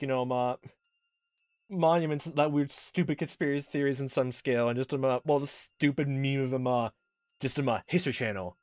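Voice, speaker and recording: A man's voice: medium pitch, darkish tone, clean tone, no echo. A man giving casual let's play reaction commentary, exasperated and swearing, laughing often and trailing off into fillers.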